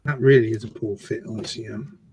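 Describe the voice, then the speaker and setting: A man's voice: lowish voice, fairly even intonation, a little fast, darkish tone, a little hiss or hum. A man chatting on a casual model-building livestream, remarking on poorly fitting parts and reminiscing. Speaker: co-host building a model kit.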